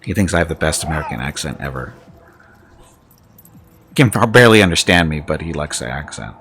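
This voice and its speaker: A man's voice: very deep voice, expressive, fairly quick, creaky, a bit bright, slight background noise. A man streaming a game, chatting in a laid-back, joking way and chuckling often. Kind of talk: casual gaming livestream chat.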